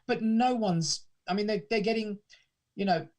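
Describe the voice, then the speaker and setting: A man's voice: high-pitched, moderate pace, darkish tone, a little hiss or hum. Rambling chatty British man. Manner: rambling, many restarts and fillers. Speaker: guest, pantomime academy founder. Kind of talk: casual interview chat.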